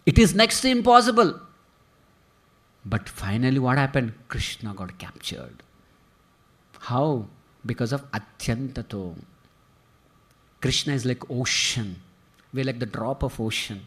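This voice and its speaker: A man's voice: on the high side, lively intonation, unhurried, pauses often, a bit bright. A man giving a devotional sermon as a spiritual teacher, telling the story with rhetorical questions and chanted verses, and sometimes dropping almost to a whisper.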